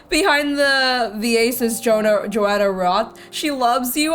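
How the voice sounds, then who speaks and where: A fairly high-voiced woman streamer chatting casually over a game, rambling and heartfelt, her thoughts peppered with "like". Faint game music sits underneath. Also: unhurried, few pauses, fairly bright tone. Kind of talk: casual let's-play commentary.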